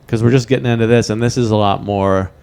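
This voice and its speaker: A man's voice: on the low side, steady tone, fast, vocal fry, a little mellow, clear, resonant tone. A middle-aged man hosting a podcast, talking in a rambling, reflective way as he thinks aloud. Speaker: podcast host. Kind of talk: casual chat.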